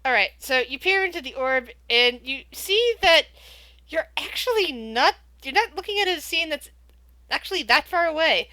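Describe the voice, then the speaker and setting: A woman's voice: high voice, lively intonation, moderate pace, pushed and bright, no echo. A woman acting as game master, narrating a tabletop game with frequent restarts and hesitations. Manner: hesitant, restarts often while describing.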